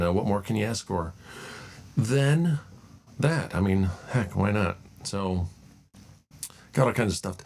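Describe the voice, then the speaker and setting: A man's voice: sits low, creaky. A middle-aged man hosting his own show, talking in a blunt, rambling monologue that trails off and restarts mid-sentence. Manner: rambling and blunt, with mocking put-on voices. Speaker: host. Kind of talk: casual monologue.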